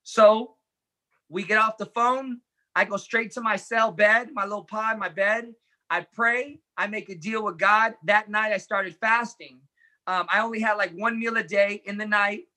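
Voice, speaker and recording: A man's voice: high-pitched, fairly even intonation, measured pace, bright, forceful tone. A man telling his life story as an interview guest, earnestly and animatedly, acting out the dialogue as he recounts it. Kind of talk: personal storytelling in conversation.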